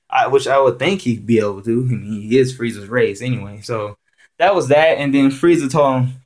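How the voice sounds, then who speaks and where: Excitable rambling man ranting. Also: fairly quick. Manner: excitable and rambling, repeats himself often; jumps high in pitch when excited. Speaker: anime reviewer. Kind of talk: casual rant video review.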